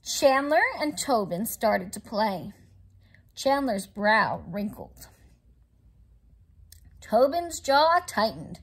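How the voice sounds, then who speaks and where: Slow, expressive woman reading a storybook. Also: on the high side, husky. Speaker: children's story reader. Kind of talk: storybook read-aloud.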